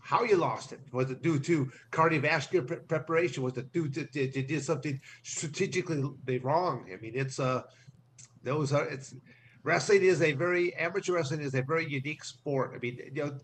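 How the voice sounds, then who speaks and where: A man's voice: on the high side, brisk, a little hiss or hum. A man co-hosting a podcast, talking casually and repeating words as he gathers his thoughts. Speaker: podcast co-host. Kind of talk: casual chat.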